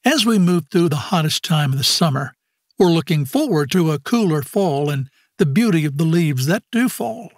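A male radio announcer reading a scripted closing in a smooth, measured way. His voice sits a little high and the studio sound is dry and close. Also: dry recording.

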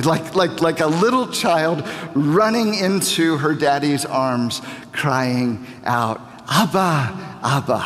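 A man in his thirties delivers a sermon with deliberate, unhurried phrasing and a slightly raised voice. He leans into repeated lines with growing passion. The sound rings out with a long hall reverb. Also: on the high side, a bit bright, slight background noise. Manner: impassioned preaching, slow emphatic repetition. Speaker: pastor.

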